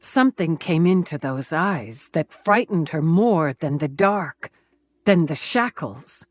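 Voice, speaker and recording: A woman narrating a thriller audiobook in a slow, measured, even way. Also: low voice, no echo.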